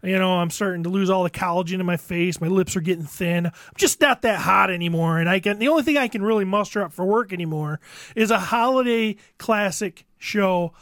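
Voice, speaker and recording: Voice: mid-range voice, fairly quick, fairly bright tone, no room sound, voice pushed down, lightly acted. A speaker voicing a middle-aged actress who whines about losing her looks, in a dry, close recording. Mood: self-pitying. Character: fading actress, middle-aged woman, self-pitying.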